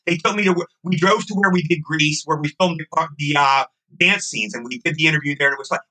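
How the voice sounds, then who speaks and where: High, fast, bright-voiced rambling man. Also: rough recording. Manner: rambling, effusive, repeats himself. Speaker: podcast guest, actor. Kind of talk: casual chat.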